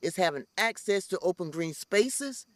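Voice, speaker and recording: A woman's voice: on the low side, expressive, normal speed, dry recording. Earnest woman, dry close sound. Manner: earnest, repeats phrases for emphasis, gets emotional. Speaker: community farm organizer. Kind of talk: heartfelt interview talk.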